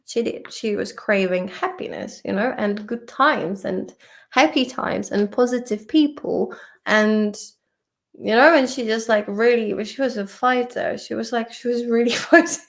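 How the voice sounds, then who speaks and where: A Czech woman in her thirties who teaches English speaks with a slightly slow, creaky voice that sits on the high side. Her vocabulary review feels like a casual vlog study session, full of emotion, laughter and the odd swear word.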